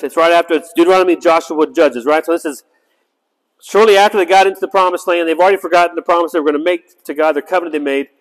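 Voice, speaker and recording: Guy teaching bible study to small groups, kinda high voice, long echo in a big hall. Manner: chatty, breaks into asides and asks "right?". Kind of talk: casual Bible teaching with scripture reading.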